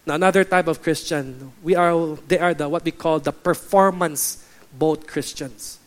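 A man preaching to his church, acting out the voices of churchgoers with lively energy. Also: fairly high pitch, moderate pace. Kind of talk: sermon. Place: church hall.

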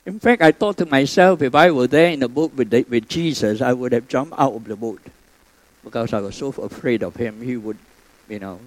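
A man preaching a sermon, telling stories with sudden swings between loud emphasis and soft asides. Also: medium pitch, moderate pace, no echo, poor audio.

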